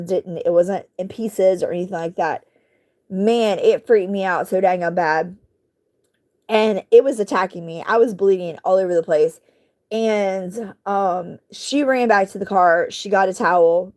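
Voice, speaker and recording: Rambling, throat-clearing woman telling a story. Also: mid-range voice. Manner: rambling, animated retelling with many fillers and asides. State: frequently clearing her throat. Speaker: vlogger. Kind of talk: casual storytelling.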